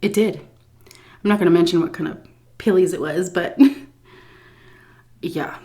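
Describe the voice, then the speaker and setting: A woman's voice: on the low side, steady tone, a little slow, a little mellow. A woman vlogger telling a casual story-time tale, laughing often, blunt and profane, and embarrassed at herself. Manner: self-mocking, embarrassed confessional tone.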